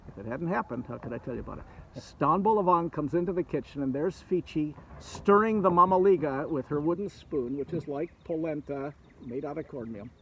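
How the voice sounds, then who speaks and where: A man telling a folktale aloud, intimate and animated, with playful asides to his listeners. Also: on the high side, fairly quick, muffled recording, slight background noise. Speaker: storyteller.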